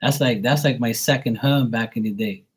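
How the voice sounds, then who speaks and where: A relaxed young man with a Bermudian accent talks in a loose, rambling way, his voice sitting at an ordinary middle pitch. He drifts from point to point in casual live-stream chat, dropping the odd swear word without a second thought. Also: normal speed, husky. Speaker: live tarot reader.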